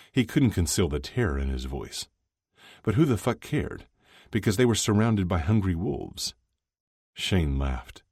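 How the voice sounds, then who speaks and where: Very deep-voiced man reading a story. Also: very animated, unhurried, darkish tone, breathy edge, dry recording, clean studio sound. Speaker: audiobook narrator. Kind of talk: scripted narration.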